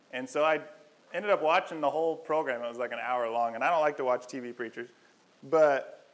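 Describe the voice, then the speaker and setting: A man's voice: mid-range voice, rough recording. A young man preaching a casual, joking sermon, telling stories with self-deprecating humor. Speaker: lay preacher.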